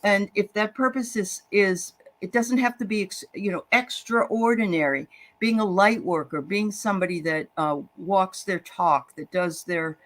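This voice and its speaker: Chatty, joking woman show host. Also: medium pitch. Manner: lively, chatty, quick to joke and laugh. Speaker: host of a live spiritual show. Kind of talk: live show chat and spirit readings.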